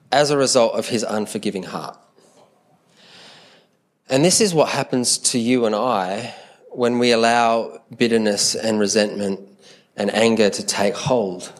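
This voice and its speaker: A man preaching a sermon in an earnest, conversational way, often repeating words as he thinks aloud. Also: fairly low pitch.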